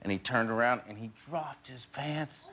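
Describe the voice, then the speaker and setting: A man's voice: mid-range voice, moderate pace, sharp tone. A man in his forties, a talk show guest telling a comic story and laughing through his punchlines. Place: TV studio with live audience.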